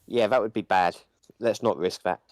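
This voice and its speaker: A man playing a tabletop game, thinking aloud about plans and quickly agreeing with the others. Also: on the low side, fairly even intonation, dry recording, studio quality. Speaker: player. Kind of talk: casual table talk.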